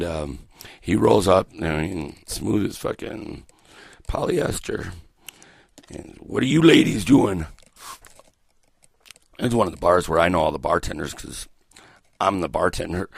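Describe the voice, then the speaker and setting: A middle-aged man hosts a morning radio show in a low, heavily gravelly voice with a husky edge. He rambles through stories, swearing constantly and chuckling at his own jokes. He speaks close to a studio mic in a dry, dead room. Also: no room sound. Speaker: radio host. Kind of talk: profane casual morning radio banter. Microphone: studio microphone.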